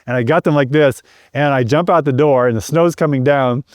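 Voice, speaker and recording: A man's voice: mid-range voice, fairly quick, darkish tone, dry recording, clean studio sound. Earnest middle-aged man telling his story. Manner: earnest, repeats words and restarts often. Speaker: guest sharing a personal testimony.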